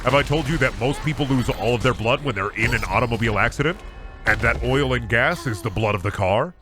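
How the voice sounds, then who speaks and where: A man putting on a smooth, slick car-warranty telemarketer with a sales patter. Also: medium pitch, fast talker, over music, natural voice.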